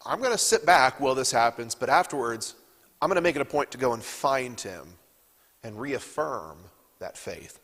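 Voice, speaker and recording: A man's voice: mid-range voice, expressive, moderate pace, fairly bright tone, long reverb tail. Man teaching a Bible class. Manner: reads scripture aloud and asks the class questions. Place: church classroom.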